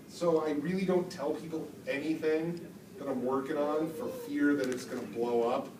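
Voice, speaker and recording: Animated man telling stories in an echoey hall. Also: a little high, normal speed. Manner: animated storyteller, acts out quotes. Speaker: voice actor at convention Q&A. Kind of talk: storytelling convention panel answer. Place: convention hall from afar. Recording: echoey hall, distant mic, background noise.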